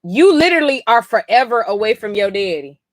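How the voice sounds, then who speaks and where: A woman's voice: fairly high pitch, big pitch swings, brisk, no echo. A sleepy woman streamer reacting live as she reads a comic, blunt, profane and exasperated. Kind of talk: casual live reading reaction.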